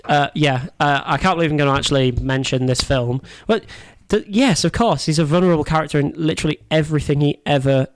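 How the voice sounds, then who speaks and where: A man's voice: on the high side, fast, few pauses, no room sound. A man co-hosting a casual podcast debate, blunt and swearing freely as he argues his point. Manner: blunt, swears, laughs easily. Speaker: podcast co-host.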